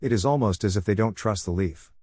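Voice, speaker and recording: A man reads fan fiction aloud in a steady, plain way. His voice sits on the low side. The recording is dry and close, with no room around it. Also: fast, breathy edge, no echo. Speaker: narrator.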